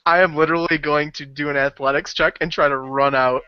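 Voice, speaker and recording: A man playing a tabletop game, eager and playful as he pitches bold moves. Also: fairly even intonation, fairly quick, clean tone, highs cut off. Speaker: player. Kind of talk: casual tabletop play.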